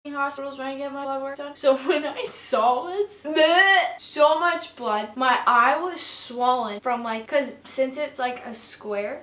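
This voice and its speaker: A woman's voice: fairly high pitch, a bit bright, roomy sound. A young woman vlogger telling a storytime in a rambling, emotional way, full of "like". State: shaky. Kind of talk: storytime vlog. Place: apartment room. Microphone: camera mic.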